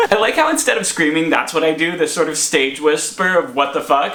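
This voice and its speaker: A man's voice: high-pitched, expressive, moderate pace, few pauses, sharp tone, roomy sound, slight background noise. A young man vlogging a dramatic, laughing storytime from his apartment. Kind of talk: storytime vlog.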